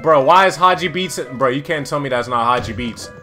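A young man giving loud, slangy, exasperated commentary while playing a school simulator game. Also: mid-range voice, a little fast, faint music behind. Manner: slangy, repeats phrases. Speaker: gaming YouTuber. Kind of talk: casual let's-play commentary.

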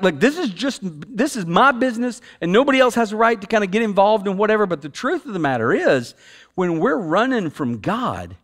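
A senior pastor, a man, preaching in a casual, talky way with a slightly high voice. He repeats himself for emphasis, leans on "like" and "you know," and drops from emphatic loud peaks to hushed, intimate passages. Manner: conversational preaching, swings between loud emphatic peaks and hushed, quiet stretches. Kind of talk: sermon.

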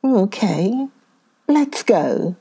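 A woman's voice: medium pitch, very animated, drawn-out words, gravelly, warm tone, husky, lo-fi sound, exaggerated voice. A woman voicing a gullible female donkey in a storybook tale, who speaks with simple eagerness. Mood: eager. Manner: eager, then timid.

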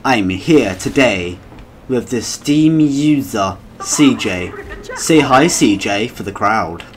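A man's voice: mid-range voice, expressive, slow pace, a little hiss or hum. A man doing casual gameplay commentary, joking and rambling and swearing often.

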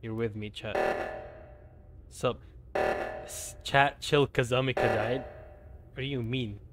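A man's voice: medium pitch, steady tone, takes it slowly, over loud music. A young man casually chatting with his viewers while playing a game, rambling and self-deprecating. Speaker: streamer. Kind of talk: casual game stream chat.

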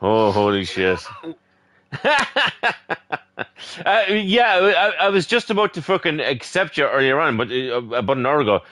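A man's voice: mid-range voice, very animated, brisk, few pauses, fairly bright tone, dry recording. A man with an Irish accent, a gaming streamer chatting casually with another player, joking boisterously and swearing freely. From Ireland. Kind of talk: casual voice chat while gaming.

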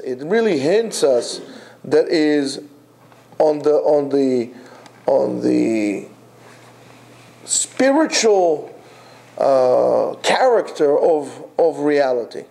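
Brief: male Torah teacher, a little high-pitched, mellow, emphatic with rhetorical questions. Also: gravelly. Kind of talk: Torah class lecture.

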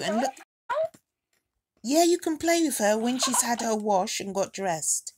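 Gentle motherly woman cooing over dolls. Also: a little high, lively intonation, a little slow, long pauses, breathy edge. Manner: gentle, motherly baby-talk to her dolls. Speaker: doll collector and channel host. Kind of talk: doll unboxing vlog.

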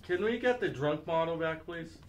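A man's voice: fairly high pitch, expressive, moderate pace, recorded from a distance, a little hiss or hum, lightly acted. An actor playing an exasperated male camera operator who groans that the shoot is a disaster.

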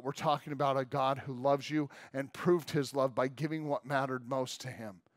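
A male pastor delivers a sermon in an easygoing, conversational way, punching key words loudly and then dropping low and soft. His voice sits a little high for a man. The recording is dry, with little room sound. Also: no room sound. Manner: conversational and emphatic, leaning on "like" and sudden swings from loud to soft. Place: church service room.

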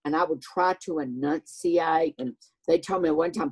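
Older southern guy, high voice people mistake for a woman's, husky, acts out the voices as he goes. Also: moderate pace. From American South. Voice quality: high voice often taken for a woman's. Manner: animated, acts out voices in his stories. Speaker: guest. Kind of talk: casual anecdotal storytelling.

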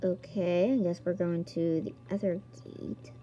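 A woman's voice: fairly low pitch, fairly even intonation, unhurried, mellow, highs cut off. A woman giggling and exclaiming as she plays a video game and reads its text aloud. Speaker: gamer. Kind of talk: let's-play commentary.

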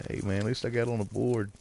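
A man with a somewhat low voice talks his way through a game stream in loose, casual commentary. He banters with his viewers by name in an easy, chatty way. A faint noise sits behind him. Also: vocal fry, warm tone. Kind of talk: casual live gameplay commentary.

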